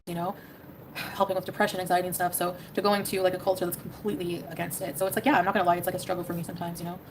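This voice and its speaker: A woman from Canada chatting on her livestream, hedging and rambling as she talks. She speaks quickly. Faint noise hums in the background. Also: on the low side, little pitch movement. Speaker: streamer. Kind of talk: casual livestream chat.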